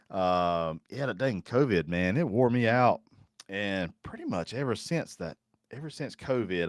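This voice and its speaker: A man's voice: on the low side, no echo, clean studio sound. A man hosting a casual live stream, rambling in a folksy way and reading viewer comments aloud. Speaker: host.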